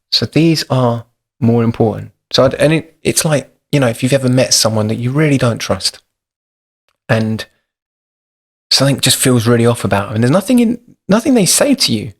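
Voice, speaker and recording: A man hosting a podcast, talking in a thoughtful, practical, explanatory way. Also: mid-range voice. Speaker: podcast host.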